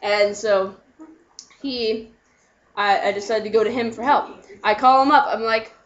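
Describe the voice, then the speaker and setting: Young woman vlogger, high-ish voice, chatty gossip storytelling, giggles, dull lo-fi sound. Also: fairly even intonation, a little slow. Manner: chatty, giggly, acts out friends' lines. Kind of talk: casual storytelling. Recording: dull lo-fi home recording.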